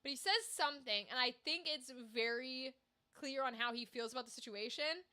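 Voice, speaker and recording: High, bright-voiced woman streamer. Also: normal speed. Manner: animated, swearing, talks to chat. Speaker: livestream host. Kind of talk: casual livestream rant.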